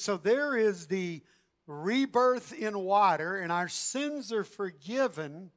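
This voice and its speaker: A man preaching a sermon in an animated, emphatic, conversational way. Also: sits high, slow.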